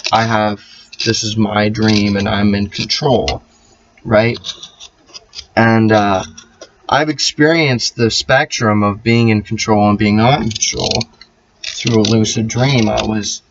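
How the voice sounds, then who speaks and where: A young man vlogging in a casual, rambling way, swearing freely and getting animated as he relives a dream. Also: on the low side. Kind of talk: casual storytelling monologue. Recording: slightly dull, faint background hiss.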